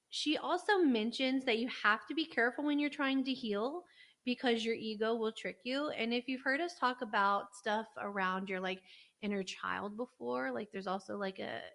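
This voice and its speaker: A woman co-hosting a podcast, chatting casually and explaining ideas from a book, with lots of "like" fillers. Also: on the high side. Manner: relaxed, explaining, frequent "like" fillers. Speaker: podcast co-host. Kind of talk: casual chat.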